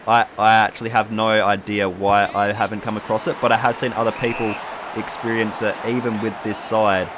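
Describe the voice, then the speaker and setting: A man's voice: fairly low pitch, little pitch movement, fairly quick, crowd noise, background noise. A man streaming live, giving chatty play-by-play commentary on a football video game and reading out viewer comments.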